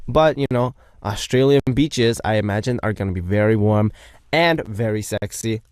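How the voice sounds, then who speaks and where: A man's voice: on the low side, normal speed, a little mellow, clear, resonant tone, no echo, studio quality. A young man hosting a radio show, reading out listener messages in a playful, chatty way and joking about himself.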